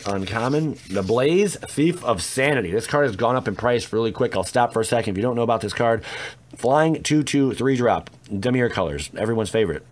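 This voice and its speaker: A man making a casual, jokey video of opening trading card packs, rambling with teasing asides. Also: mid-range voice. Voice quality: lively, swooping delivery. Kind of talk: casual pack-opening commentary.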